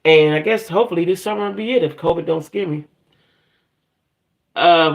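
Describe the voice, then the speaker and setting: Chatty man with a higher voice, rambling. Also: normal speed, gravelly, dull audio. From northern United States. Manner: rambling, chatty, keeps checking in with "right?" and "y'all". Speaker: livestream host. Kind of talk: casual livestream chat.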